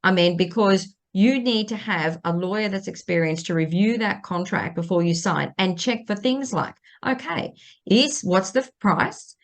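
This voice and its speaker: A woman's voice: mid-range voice, unhurried. A middle-aged woman, a lawyer giving advice on a podcast in an emphatic way, stressing and repeating her key points. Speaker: property lawyer. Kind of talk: podcast legal advice chat.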